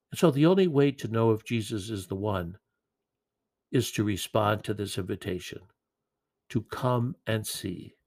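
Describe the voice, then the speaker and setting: A man preaching a sermon in an earnest, gentle way, with occasional repeated words. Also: lowish voice, creaky.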